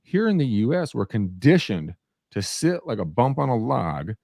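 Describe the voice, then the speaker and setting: A man co-hosting a casual podcast chat about real estate, an animated storyteller who acts out quoted people. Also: mid-range voice, moderate pace, creaky, no room sound, studio quality.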